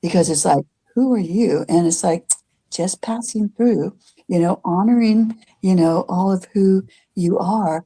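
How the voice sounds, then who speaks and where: Older woman with a mellow, rambling voice. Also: on the low side, measured pace. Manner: rambling, many fillers and restarts. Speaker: guest. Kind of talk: casual storytelling chat.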